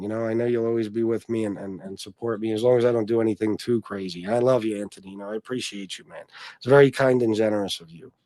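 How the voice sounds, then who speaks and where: A man's voice: mid-range voice, dark tone, no room sound. Give me a rambling, profane livestream host, a man with a dry sound. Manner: rambling and profane, with frequent restarts. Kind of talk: casual livestream chat, reading donations and comments.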